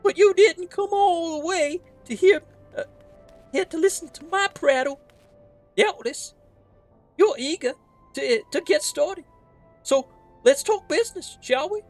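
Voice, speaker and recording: A woman's voice: high voice, unhurried, pauses often, soft background music, pitched above the performer's own voice. A woman voicing a courteous middle-aged male innkeeper in a game, with a put-on New Jersey wise-guy accent and formal speech. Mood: courtly. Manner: formal, old-fashioned speech. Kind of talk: voicing game dialogue on a stream.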